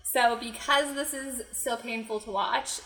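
A woman co-hosting a podcast, retelling a story in casual chat with animated, giggly delivery. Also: a little high, measured pace, reverberant, low-quality recording. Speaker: podcast co-host.

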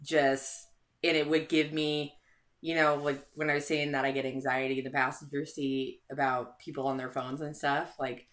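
A young woman telling a story in casual chat, animated, swearing and laughing often. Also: extremely low pitch, normal speed.

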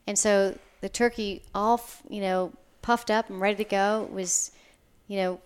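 Excitable woman with a smooth voice. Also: mid-range voice, unhurried. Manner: animated, excitable, quotes herself. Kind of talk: casual storytelling.

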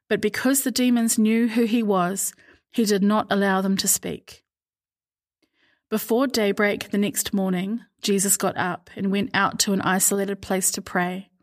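Female scripture reader, mid pitch, calm measured delivery. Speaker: Bible reader. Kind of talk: scripture reading.

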